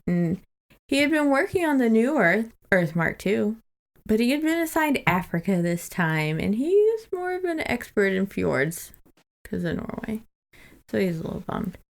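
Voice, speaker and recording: Low, gravelly-voiced woman podcast host. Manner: chatty, summarizing a plot with loose quoted asides. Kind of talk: casual book-club chat.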